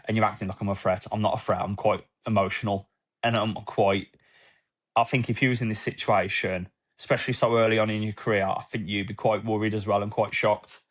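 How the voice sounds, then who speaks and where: In a podcast interview, a former police officer with a lowish voice shares a candid, emotional personal account, restarting haltingly, quoting dialogue and swearing casually.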